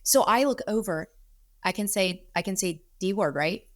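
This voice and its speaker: A woman, a real estate agent guest, telling a funny story in casual, animated chat. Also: mid-range voice, normal speed.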